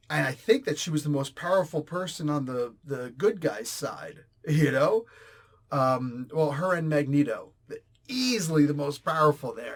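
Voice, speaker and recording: Exasperated New comic reviewer, man. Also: fairly high pitch. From New Jersey, US. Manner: exasperated, rambling, blunt. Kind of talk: casual ranting review.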